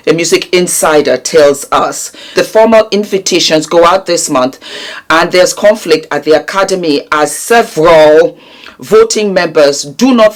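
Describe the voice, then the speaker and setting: Sassy woman giving gossip commentary. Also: lowish voice. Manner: emphatic, sassy asides to the viewer. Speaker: celebrity gossip vlogger. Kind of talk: reading news aloud with opinionated commentary.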